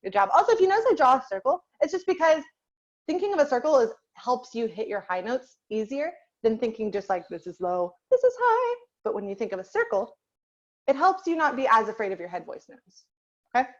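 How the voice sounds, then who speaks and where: A woman's voice: a little high, sing-song, a little fast, muffled recording. A woman voice teacher leading an online group lesson over a video call, patiently asking the class questions and waiting for answers.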